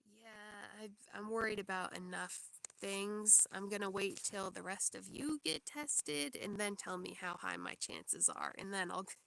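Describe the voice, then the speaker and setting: A woman's voice: medium pitch, unhurried, gravelly, sharp tone, a little hiss or hum. A young woman hosting a livestream, chatting casually in a rambling way, full of fillers and small laughs. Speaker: livestream host. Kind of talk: casual chat.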